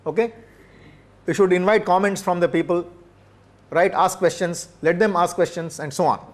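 Man, professor lecturing, fairly high voice, emphatic rhetorical questions. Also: fairly even intonation, normal speed. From India. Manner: repeats for emphasis, asks the audience rhetorical questions. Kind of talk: lecture to teachers.

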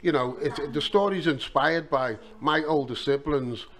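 A man's voice: on the high side, unhurried, a crowd in the background. Middle-aged man, Liverpool accent, podcast guest. Casual storyteller, easygoing and conversational. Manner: relaxed storytelling with many "you know" asides. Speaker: author and taxi driver.

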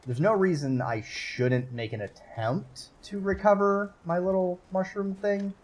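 This streamer has a high, unhurried voice. He chats to himself and his audience as he plays, offering casual commentary and getting excitable, cursing and yelping at the game's events.

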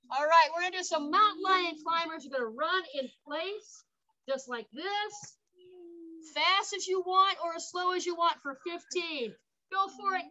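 A woman's voice: very high voice, moderate pace, pushed and bright, muffled recording. A woman park guide leading an outdoor workout, upbeat, counting reps aloud and cheering, a little out of breath. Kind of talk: instructional exercise demonstration.

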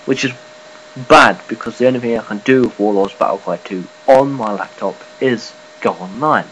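A man giving a casual, rambling vlog update, swearing offhandedly and filling pauses. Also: fairly low pitch, a bit bright, a little hiss or hum, rough recording. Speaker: gaming and news vlogger.

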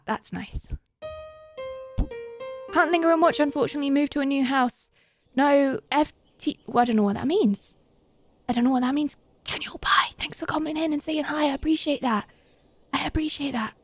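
High, giggly woman streamer. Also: no echo. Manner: excitable and giggly, squealing in delight. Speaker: Twitch streamer. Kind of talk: live game streaming, casual chat.

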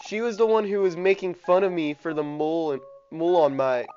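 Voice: mid-range voice, fairly even intonation, a little fast, dark tone, voice pushed up, close to an everyday voice. A gamer voicing a cocky, teasing young boy with a spunky, brash manner, over a dull lo-fi mic with faint game music. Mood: defensive.

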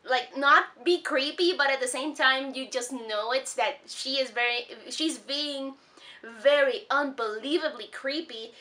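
A woman's voice: high-pitched, a little slow, sharp tone. A woman recapping a cartoon episode in a casual, rambling vlog, with lots of fillers and laughs. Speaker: cartoon reviewer. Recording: voice a bit distant from mic.

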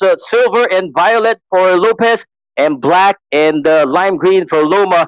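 Excitable fight commentator. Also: male voice, sits high, unhurried, no room sound, dull audio. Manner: excitable, mixes English with Tagalog asides. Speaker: sports commentator. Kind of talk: live fight reaction commentary.

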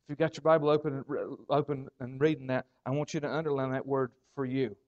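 A man preaching a sermon as pastor, building phrases through repetition and dramatic pauses. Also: medium pitch, little pitch movement, muffled recording.

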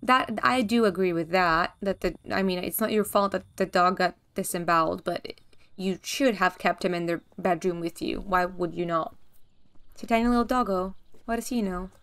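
A woman giving deadpan, darkly joking commentary while she plays a video game and reads its text aloud. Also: fairly low pitch, moderate pace. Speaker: gaming video creator. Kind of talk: let's play commentary.

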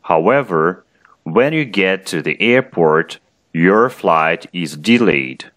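A man's voice: deep voice, animated, takes it slowly, fairly bright tone. A man whose first language is Russian, teaching English in an online lesson by reading a story aloud and asking questions. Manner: reads a story aloud, then asks questions.

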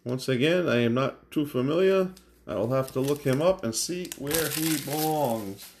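A man's voice: medium pitch, animated, normal speed, darkish tone. A man hosting a card break, calling out card names one at a time as he opens packs. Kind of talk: live card-break commentary. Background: crinkling and tearing of packs.

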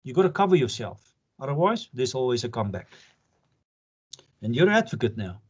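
A man's voice: mid-range voice, very animated, a little fast, slightly rough. An older man from South Africa, an advocate giving an informal lecture to pupils, earnest and jokey, laughing often. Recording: dull lo-fi lecture recording.

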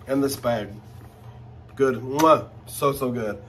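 A man hosting a casual unboxing vlog, gushing and excitable as he talks straight to his viewers. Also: medium pitch, slow pace, noisy background. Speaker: channel host.

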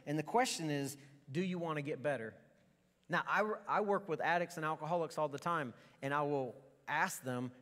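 A man's voice: a little high, a bit bright. A middle-aged male pastor preaching a casual, conversational sermon full of asides and restarts. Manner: informal, rambling asides and restarts. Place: church sanctuary. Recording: long church reverb.

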